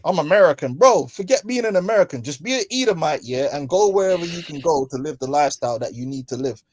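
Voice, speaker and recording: A man preaching in loose street slang, mocking his listeners and laughing between points. His voice sits a little high, and the sound is close and dry with no room. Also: animated, fast talker, no echo. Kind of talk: casual religious commentary. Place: London.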